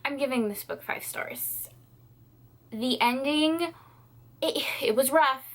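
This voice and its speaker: A woman's voice: high-pitched, slow. A young woman in a reading vlog, tearful and rambling, repeating herself and swearing as she talks about a book. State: tearful, crying. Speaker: book vlogger. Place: at home, indoors.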